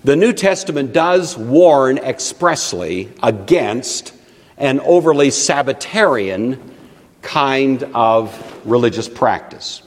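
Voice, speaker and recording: A man preaching a teaching sermon in an animated, conversational way with frequent asides. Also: mid-range voice, slow. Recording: long reverb of a large hall.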